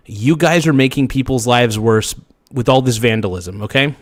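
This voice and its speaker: A man's voice: medium pitch, normal speed. A man hosting a show, reacting angrily to footage in a heated political rant that keeps repeating itself. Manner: angry, ranting, repeats himself.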